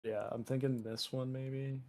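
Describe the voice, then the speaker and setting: A man's voice: medium pitch, level tone, a little slow, a little mellow. Rambling Canadian man chatting on stream. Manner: rambling, joking, heavy fillers. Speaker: artist and streamer. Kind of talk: casual chat while drawing.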